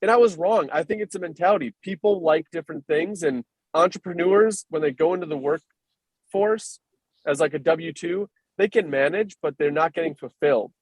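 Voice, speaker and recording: Male podcast host, relaxed conversational delivery with a higher-pitched voice, recorded dry and close. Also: breathy edge, dry recording. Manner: quick casual talker, fills with "like". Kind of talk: casual chat.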